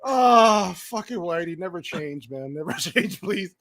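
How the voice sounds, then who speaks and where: A man's voice: fairly high pitch, normal speed, a bit bright, no room sound. A man hosting a casual movie commentary chat, making crude jokes and laughing often. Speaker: podcast host.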